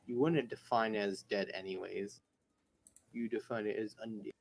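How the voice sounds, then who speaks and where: A man playing a tabletop role-playing game who talks in a quick, matter-of-fact way. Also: lowish voice, fairly even intonation, gravelly. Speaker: player.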